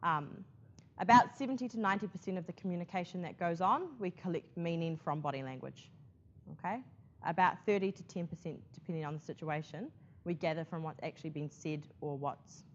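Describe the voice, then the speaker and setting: A woman's voice: low-pitched, brisk. A woman teaching a class about presentation skills, chatty, checking in often with "okay?". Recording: muffled classroom recording.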